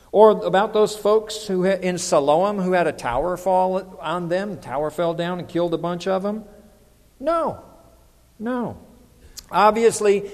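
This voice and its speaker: A man's voice: on the high side, darkish tone, big-room sound. A middle-aged man preaching a conversational sermon as pastor, often putting questions to the congregation.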